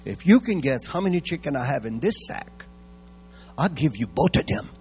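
A man's voice: medium pitch, sing-song, moderate pace, darkish tone. A Cajun man voicing a boastful, dim-witted Cajun man in a joke from the pulpit. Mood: smug.

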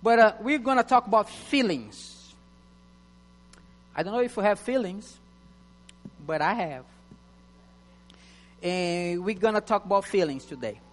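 A man preaching a sermon in English, which is not his first language, halting with restarts and reading scripture slowly and loudly. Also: high-pitched, expressive. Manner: halting, many restarts and fillers. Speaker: pastor. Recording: long hall reverb with mains hum.

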